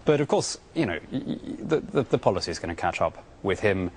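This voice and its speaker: A man's voice: deep voice, very animated, a little fast, a little mellow, slight background noise. A British man as a politician guest on a TV interview, arguing his views earnestly and often stammering through restarts. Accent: British English. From Britain. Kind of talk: remote TV interview answers.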